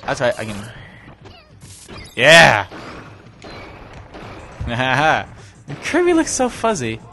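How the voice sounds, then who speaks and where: An excitable young man talks over a video game, his pitch swinging widely between grumbles and yelps. He speaks slowly and mocks his own play. Faint music plays underneath. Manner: excitable, self-deprecating, given to sudden yelps. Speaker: let's play commentator. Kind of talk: casual gameplay commentary.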